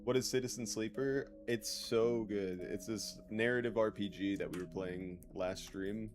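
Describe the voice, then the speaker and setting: A man's voice: fairly low pitch, fairly even intonation, unhurried. Male streamer, casual and profane, bantering with chat over faint game music. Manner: loose, joking and profane, reads chat aloud. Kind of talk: casual live-stream chatter.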